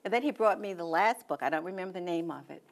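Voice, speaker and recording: A woman's voice: fairly low pitch, expressive, fast. A woman in her sixties from North Carolina, a poet guest telling plainspoken anecdotes in an interview. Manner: plainspoken, anecdotal, acts out quoted speech. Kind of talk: casual storytelling interview.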